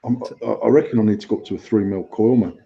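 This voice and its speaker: A man with a lowish, creaky, husky voice talks at a quick pace while co-hosting a casual podcast. He rambles, swears and repeats himself, and the recording is dull and lo-fi.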